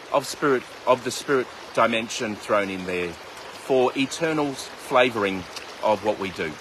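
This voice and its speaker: A flowing river sounds behind a man leading a mindfulness meditation livestream in a fairly high, fairly bright voice, with a little hiss or hum. He jokes and talks with viewers by name between his guidance.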